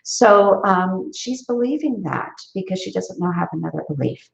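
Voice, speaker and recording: A woman's voice: mid-range voice, animated, normal speed, vocal fry. A woman who founded an education company, giving earnest parenting advice in a live online Q&A over a video call, with many fillers and restarts. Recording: echoey, dull lo-fi sound.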